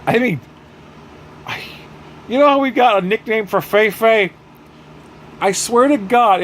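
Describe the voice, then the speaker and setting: A man's voice: sits high, expressive, a little slow, pauses often, fairly bright tone, a little hiss or hum. Sarcastic, profane male episode reviewer. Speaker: YouTube show reviewer. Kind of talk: casual comedic episode recap.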